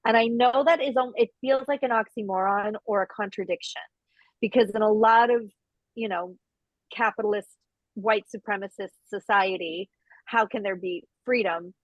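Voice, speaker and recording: A woman from Canada chatting casually in an interview, lively and quick to slip into other voices and accents. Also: medium pitch, no echo, lo-fi sound. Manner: chatty, animated, slips into quoted voices and accents. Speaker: voice actress guest.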